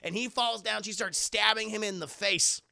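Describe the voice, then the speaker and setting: A man recapping a film live for his stream chat, profane, joking and animated. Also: high voice, moderate pace, gravelly.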